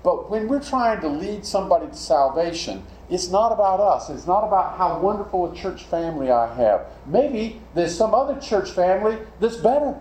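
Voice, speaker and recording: Lively-voiced preacher in an echoey room. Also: male voice, high-pitched, normal speed, few pauses, a little hiss or hum. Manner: conversational, asks the congregation questions. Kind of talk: sermon.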